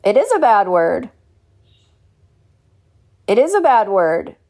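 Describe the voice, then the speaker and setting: A woman leads a home Bible study in a preachy, mocking tone, asking rhetorical questions and reading scripture aloud. Her medium-pitched voice has a dark tone and is very animated, though she speaks slowly.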